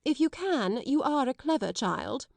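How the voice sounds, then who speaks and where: A woman voicing a stern, stately headmistress who speaks in a severe, loud manner in a storybook reading. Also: medium pitch, big pitch swings, normal speed, vocal fry, no room sound.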